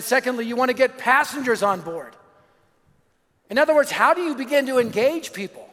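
A male preacher delivers an energetic sermon in a strikingly high voice. He is emphatic and animated, acting out the people in his stories. His voice rings out with a long reverb, as if he is preaching in a large church hall. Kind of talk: sermon with storytelling.

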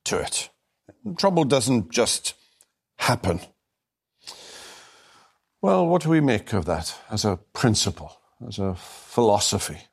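Deliberate, emphatic male Bible teacher. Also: on the low side. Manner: deliberate, emphatic, with slow stressed phrases. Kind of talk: recorded teaching lecture.

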